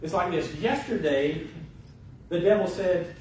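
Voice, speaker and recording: A man preaching a sermon in a church, his voice rising into impassioned emphasis. It sits slightly high for a man. The sound is very echoey and picked up from some distance away, with a faint room hum behind it. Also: unhurried, a little mellow. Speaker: pastor. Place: church sanctuary.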